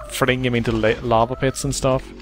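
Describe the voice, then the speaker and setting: A man chats his way through a game in a loose, joking manner and curses at his minions as he plays. His voice is mid-pitched, and steady background noise sits behind it. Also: normal speed. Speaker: let's play host. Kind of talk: casual gameplay commentary.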